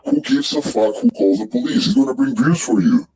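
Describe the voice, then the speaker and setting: A man's voice: mid-range voice, huge pitch swings, a little fast, vocal fry, darkish tone, distant mic, a little hiss or hum, low-quality recording. A man calling into a live stream, ranting in a profane, rambling and insistent way. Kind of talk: casual rant.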